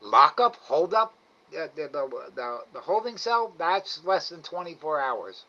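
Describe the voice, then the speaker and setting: A man's voice: a little high, very animated, unhurried, a bit bright. A middle-aged man hosting a livestream, chatting casually to viewers, rambling, chuckling and trailing off often. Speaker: livestream host. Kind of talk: casual chat reading viewer comments. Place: home, live night cam stream. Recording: slightly dull lo-fi stream audio.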